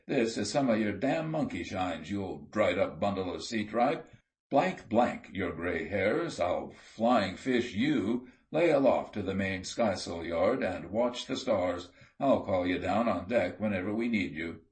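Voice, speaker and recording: A man voicing an angry ship's mate who bellows gruff orders and curses at the crew. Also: low voice, expressive, a little slow. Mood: angry shouting.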